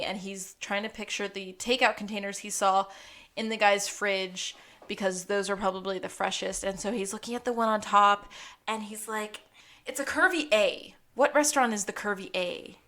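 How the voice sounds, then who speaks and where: A woman's voice: mid-range voice, normal speed. A woman co-hosting a casual rewatch podcast, recapping scenes and acting out the characters' lines with lots of laughter. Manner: animated, acts out characters' lines while recapping, laughs often. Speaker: podcast co-host.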